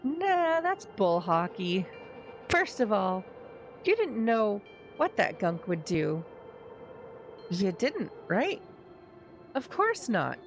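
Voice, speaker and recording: A woman's voice: mid-range voice, big pitch swings, takes it slowly, pauses often, highs cut off, soft background music. A woman streamer reading the lines of a bitter, sarcastic boy from a story game, blunt and slangy. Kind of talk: game dialogue read aloud.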